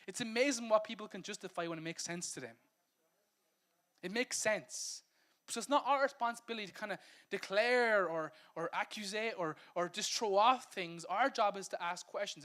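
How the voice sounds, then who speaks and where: An Irish pastor with a notably high voice delivers a sermon in a loose, chatty way. He breaks into acted-out snippets of dialogue and laughs at his own asides, then presses his point home with repeated phrases. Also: moderate pace. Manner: lively, conversational preaching that acts out quotes and laughs at himself. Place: church service.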